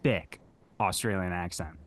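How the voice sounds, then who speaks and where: A man's voice: low voice, a little slow. A young man in his twenties co-hosting a podcast, telling a story in a laid-back, slangy, profane way while hungover. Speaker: podcast co-host. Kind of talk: casual chat.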